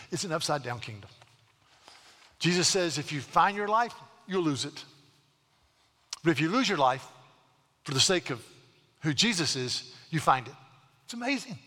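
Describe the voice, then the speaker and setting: A middle-aged male pastor with a bright, forceful, fairly high voice preaches an earnest sermon. He slows down on key lines and doubles his words as he goes. Long reverb from the church hall trails after each phrase. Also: animated, breathy edge. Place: church sanctuary.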